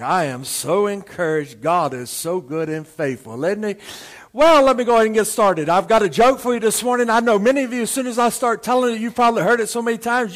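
A man preaching a sermon as pastor, in a folksy, animated storytelling way. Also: sits high.

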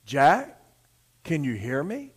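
A preacher voicing God as a calm, patient figure, speaking softly and slowly in a lowered voice. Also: male voice, breathy edge, full character voice. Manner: slow, soft and low.

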